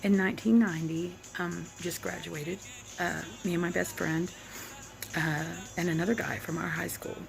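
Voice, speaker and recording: A woman, telling a personal story in a candid, reflective way with many pauses. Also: fairly low pitch, level tone, vocal fry, over music, poor audio. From Oklahoma. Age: 40s. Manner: candid, reflective, halting with fillers. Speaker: vlogger.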